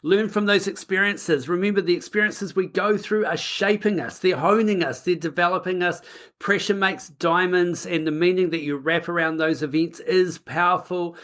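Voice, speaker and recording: Easygoing New man, slightly high voice. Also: fairly even intonation, normal speed, fairly bright tone. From New Zealand. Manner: easygoing, encouraging. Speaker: podcast co-host. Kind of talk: casual chat.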